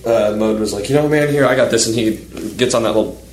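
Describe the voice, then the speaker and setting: Brief: energetic, foul-mouthed guy in loose conversation, roomy sound. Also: on the low side, fast, a little hiss or hum. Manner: energetic, swearing, joking. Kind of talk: casual podcast chat.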